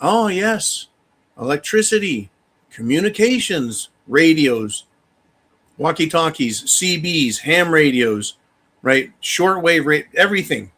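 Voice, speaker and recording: Male livestream host, bright and somewhat high voice, emphatic, blunt and profane. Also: slow pace. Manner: emphatic and animated, addresses viewers as folks, swears freely. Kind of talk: casual livestream commentary.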